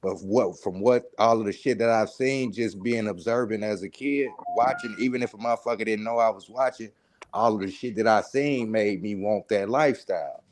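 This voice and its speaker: A man's voice: lowish voice, moderate pace, a little hiss or hum. A man in casual podcast chat, talking candidly and rambling in street slang.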